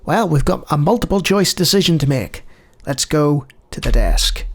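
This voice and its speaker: Wry man with a gravelly voice. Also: on the high side, expressive, normal speed. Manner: dry, wry asides. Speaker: game show host. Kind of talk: casual let's-play commentary, reading game text aloud.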